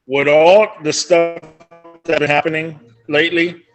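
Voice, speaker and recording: A man's voice: a little high, level tone, unhurried, a bit bright, soft background music, rough recording. A man hosting a casual video-call chat, steering the talk by putting questions to a guest. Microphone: video call mic.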